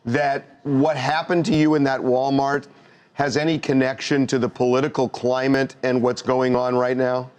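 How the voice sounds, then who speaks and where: A man's voice: medium pitch, flat delivery, normal speed, a little mellow. Man asking interview questions.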